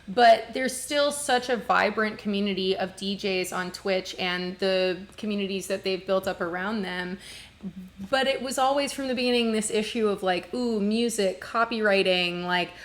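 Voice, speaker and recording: A woman's voice: medium pitch, moderate pace. A woman hosting a casual interview, bubbly and chatty, laughing easily. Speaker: podcast host.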